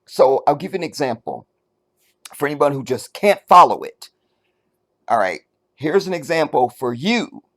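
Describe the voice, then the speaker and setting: A man hosting his own commentary channel, talking in a casual, animated way and checking that the viewer is following. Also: medium pitch, normal speed, long pauses. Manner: animated, talks straight to the viewer, asks if they follow; searches for words, many restarts and fillers.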